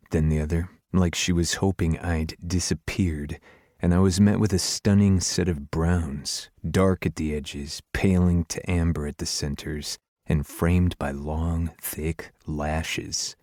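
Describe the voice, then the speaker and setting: A man's voice: low voice, darkish tone, no room sound, studio quality. A male narrator reading a first-person romance audiobook with a wry, confiding inner-monologue manner.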